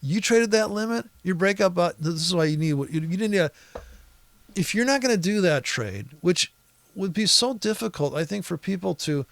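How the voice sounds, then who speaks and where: Gravelly, cursing, exasperated male trader. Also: high voice, lively intonation, normal speed, no echo. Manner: profane, exasperated and sarcastic; rambling, with restarts and asides. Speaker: trader walking through a price chart. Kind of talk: screen-recorded chart commentary.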